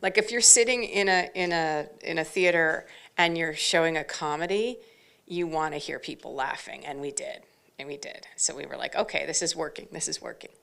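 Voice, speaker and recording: A chatty woman telling stories as a panel guest, her voice low-pitched and gravelly with fry. Her tone is bright and forceful despite the low pitch. She talks casually and fills her sentences with "like.". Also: normal speed. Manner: chatty, with lots of fillers like "like". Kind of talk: casual anecdotal storytelling.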